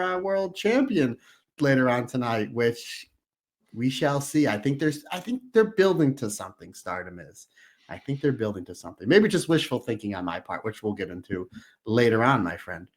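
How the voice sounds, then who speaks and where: A man co-hosting a podcast in a friendly, easygoing chat, leaning on "you know" as he talks things through. His voice sits at a middling pitch. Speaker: podcast co-host.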